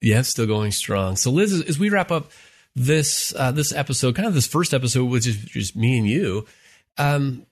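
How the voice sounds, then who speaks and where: A man's voice: medium pitch, expressive, normal speed. A middle-aged man co-hosting a marriage podcast, talking earnestly with plenty of fillers and restarts. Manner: earnest, warm storyteller with many fillers. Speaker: co-host, marriage therapist. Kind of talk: casual podcast conversation.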